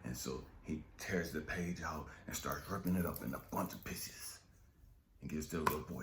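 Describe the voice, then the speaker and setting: Deep-voiced man telling a motivational story. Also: normal speed, background noise. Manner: street-casual, profane, keeps asking "you know what I mean". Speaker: spiritual coach and speaker. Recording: roomy echo.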